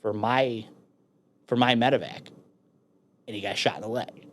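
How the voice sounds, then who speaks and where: A man in his thirties from the United States tells a war story in an easy, offhand way. He swears freely, and his voice jumps up loudly whenever he quotes the people in it. A faint hum of room noise sits under his voice. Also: mid-range voice, moderate pace. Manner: swearing, animated when quoting others. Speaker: podcast guest, firefighter and veteran. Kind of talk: casual storytelling.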